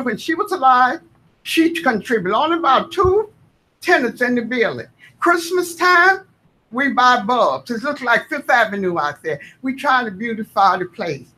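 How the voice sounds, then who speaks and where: A woman's voice: fairly high pitch, pushed and bright, a little hiss or hum. A woman, speaking as a tenant during public comment at a board meeting, earnest, folksy and insistent. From Southern United States.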